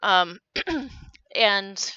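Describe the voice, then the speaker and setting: Sarcastic woman streamer, bright and dry. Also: medium pitch, lively intonation, extremely slow, clean tone, dry recording. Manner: sarcastic, laughing often. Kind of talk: casual opinion stream. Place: home. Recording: dull lo-fi stream audio.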